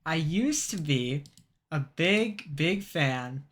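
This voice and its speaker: A young man talks through a story on a podcast with a bright, forceful voice. His tone sits a little high for a man, and he rambles and restarts, filling gaps with ums and uhs. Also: lively intonation. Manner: rambling, halting storytelling with many fillers. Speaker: podcast co-host. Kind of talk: casual chat.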